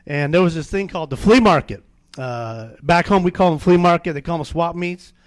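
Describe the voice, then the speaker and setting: A man giving an animated personal testimony at a church men's meeting, with many fillers and restarts. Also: a little high, brisk, no room sound. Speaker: testimony speaker.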